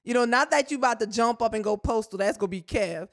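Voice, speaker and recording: A woman co-hosting a podcast, telling a story in a lively way and acting out her own reactions. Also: on the high side, quick pace. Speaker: podcast co-host. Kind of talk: casual chat.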